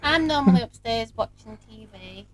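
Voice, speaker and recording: A woman's voice: on the high side, animated, normal speed, poor audio. A woman from Liverpool with a Scouse accent, chatting casually beside her husband with amused asides. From Liverpool, England. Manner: laid-back, amused asides. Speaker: co-host, host's wife. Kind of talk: casual chat.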